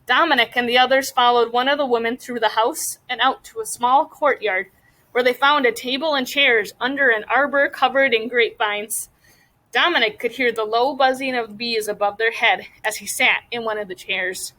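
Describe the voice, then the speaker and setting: A woman's voice: fairly high pitch, sharp tone, low-quality recording. A woman teacher reading a novel aloud to her class and stopping to ask the students questions. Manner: pauses to question students about the story.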